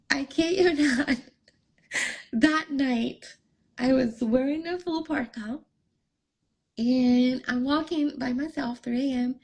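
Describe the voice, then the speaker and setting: On a low-quality recording, a high-pitched young adult woman, a relationship coach appearing as a podcast guest, tells a personal story in an interview. She's animated, acting out the quoted dialogue in a raised voice.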